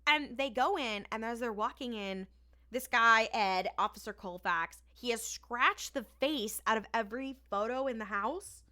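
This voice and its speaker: A woman's voice: fairly high pitch, normal speed. A woman co-hosting a podcast, chatting casually as she retells an episode and acts out the lines. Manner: animated retelling with quoted lines. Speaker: podcast co-host. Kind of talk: casual recap chat.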